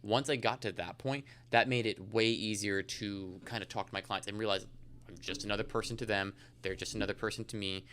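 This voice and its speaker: Brief: man, podcast guest, rapid rambling delivery, smooth crisp voice, lowish pitch. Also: fairly even intonation, a bit bright. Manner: fast, rambling storyteller with many fillers. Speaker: insurance agent guest. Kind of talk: casual podcast interview.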